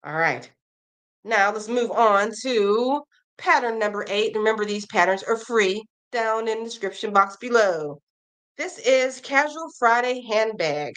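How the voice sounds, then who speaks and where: A woman's voice: fairly high pitch, lively intonation, unhurried, a bit bright. A woman hosting a casual crochet live stream, chatting with viewers, reading their comments aloud and reacting, and running through pattern blurbs in an upbeat tone.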